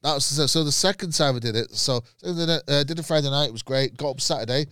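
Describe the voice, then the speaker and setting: A man, a comedian, telling a road story in casual chat, animated and swearing freely, shrieking when he quotes himself. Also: a little high, fast talker, smooth, no room sound, studio quality.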